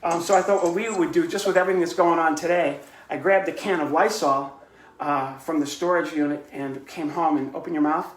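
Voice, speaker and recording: A man's voice: on the high side, steady tone, brisk. Male ventriloquist comedian, chatty explainer, roomy home sound. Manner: chatty, explaining while bantering. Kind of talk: live online comedy show.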